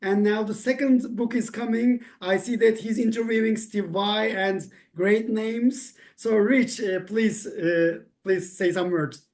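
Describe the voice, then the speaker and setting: A man whose first language is Turkish hosts an online awards ceremony. He speaks in a friendly but hesitant way, pausing often on fillers. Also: sits high, fairly even intonation, darkish tone.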